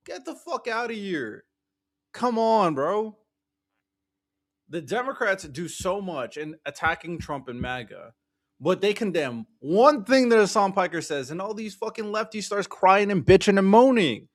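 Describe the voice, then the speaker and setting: A man's voice: high voice, lively intonation, a little slow. Guy streamer ranting hard at a clip, swears a lot, mocks people with silly voices. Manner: heated, profane ranting with mocking impressions. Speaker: political commentary streamer. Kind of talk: live reaction commentary.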